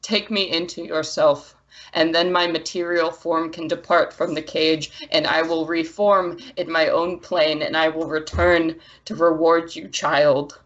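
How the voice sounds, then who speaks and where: A woman voicing a proud ancient female water elemental who pleads in a choked, breathy voice, over dull lo-fi audio. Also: sits low, flat delivery, a little slow, fairly bright tone. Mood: pleading.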